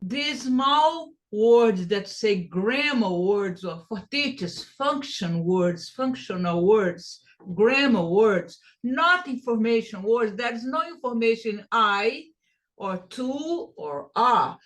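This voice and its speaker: A woman's voice: a little high, expressive, takes it slowly. A woman teaching English pronunciation, repeating phrases to show stress and rhythm. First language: Portuguese. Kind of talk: pronunciation lesson.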